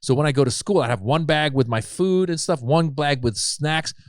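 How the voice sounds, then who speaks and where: A man's voice: fairly high pitch, moderate pace, dry recording, clean studio sound. A middle-aged man, a comedian guest on a podcast, telling stories in casual chat and acting out the voices of the people he quotes. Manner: animated storyteller, acts out quoted voices.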